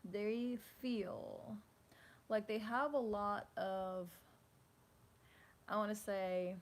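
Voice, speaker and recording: A woman giving a casual tarot reading at home, rambling and animated, full of fillers. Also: mid-range voice, very slow. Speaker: tarot reader. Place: home room with a fan running. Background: faint fan hum.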